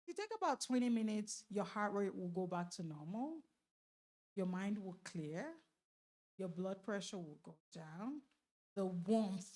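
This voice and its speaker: A woman speaking at a church marriage seminar, lively and laughing often as she questions the audience directly. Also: medium pitch. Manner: laughs often while talking.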